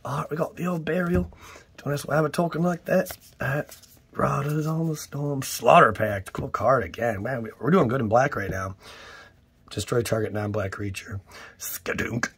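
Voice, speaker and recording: A man hosting a casual card-opening video, playful and exclamatory with goofy catchphrases, sometimes dropping to a hushed near-whisper. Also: medium pitch, lively intonation, unhurried, husky. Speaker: card-opening channel host. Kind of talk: casual unboxing commentary.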